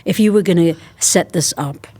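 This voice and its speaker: A woman therapist speaking as an interview guest, calm and reflective, in slow measured phrases. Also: lowish voice. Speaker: guest, somatic trauma therapist. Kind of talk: interview conversation.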